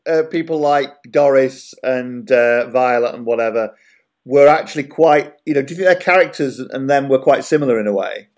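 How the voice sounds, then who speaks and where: A man's voice: medium pitch, normal speed. A man interviewing a guest, asking tentative, hedging questions.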